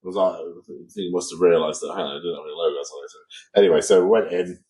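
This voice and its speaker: An English man with a low, warm voice talks at a rapid clip with fairly even intonation, and the recording is rough. He's co-hosting a podcast, chatting casually and telling an anecdote in which he acts out what people said.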